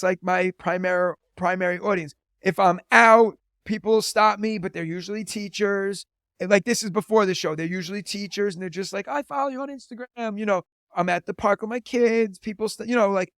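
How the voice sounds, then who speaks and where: A man in his thirties talks easily as an interview guest, spinning stories with a high voice and a steady stream of "like" fillers. The sound is dry and close, with no room around it. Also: smooth, dry recording. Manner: chatty storyteller, lots of "like" fillers. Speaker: podcast guest, teacher and comedian. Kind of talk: casual interview chat.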